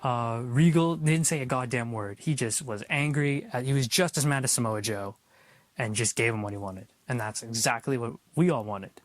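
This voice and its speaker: A man casually recapping a wrestling show, blunt, opinionated and quick to swear. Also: mid-range voice, no room sound.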